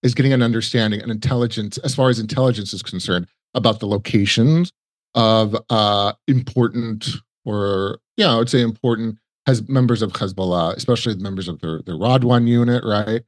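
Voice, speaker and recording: A man's voice: fairly low pitch, a little fast, no echo. A man as a podcast guest, chatting casually and rambling with many restarts. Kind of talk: casual conversational storytelling.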